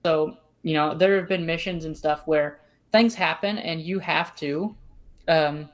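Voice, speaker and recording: A woman with a Southern US accent and a low, deep voice hosts a relaxed podcast conversation. She talks in a chatty, easygoing way, with stories and asides. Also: unhurried. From American South. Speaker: host. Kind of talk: casual podcast chat.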